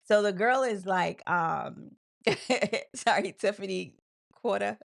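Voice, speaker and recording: A woman from New York co-hosting a casual live chat, talking fast and laughing often. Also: mid-range voice, gravelly. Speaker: co-host.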